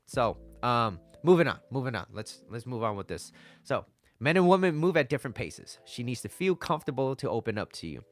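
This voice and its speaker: A man's voice: medium pitch, big pitch swings, fairly quick. A man talking casually as a dating coach, coaxing and conversational, often repeating himself. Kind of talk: casual advice talk to camera.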